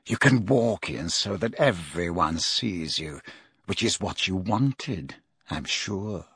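A contemptuous male schoolmaster speaks in a slow, hushed, sarcastic drawl, as a male narrator voices him. The tone is cold and needling, like an audiobook villain. The recording is dry and close. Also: deep voice, animated, husky, no room sound, voice pushed down, heavily acted. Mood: sneering.

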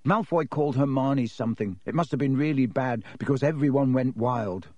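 A man's voice: medium pitch, a little fast, darkish tone, no echo, dull audio, close to an everyday voice. A man voicing a clever, anxious schoolgirl who speaks earnestly.

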